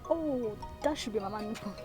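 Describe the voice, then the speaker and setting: A woman's voice: fairly high pitch, a little fast, dark tone, faint music behind, natural voice. A woman with a Nigerian English accent acting in a film drama, respectfully giving directions. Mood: helpful. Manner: respectful, helpful.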